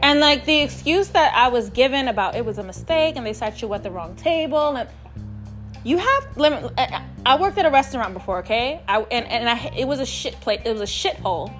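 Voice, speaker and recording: A woman's voice: on the high side, expressive, brisk, fairly bright tone, faint music behind. A woman from New York City telling a personal story on her podcast, candid and profane, talking straight to her listeners. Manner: candid, profane, emphatic, addresses listeners as y'all. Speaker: podcast host. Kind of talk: casual storytelling monologue.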